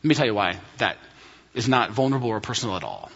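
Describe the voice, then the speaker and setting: A man's voice: on the low side, big pitch swings, quick pace, creaky, husky, in a large hall, lo-fi sound. A man preaching a sermon as a pastor, emphatic and full of rhetorical questions.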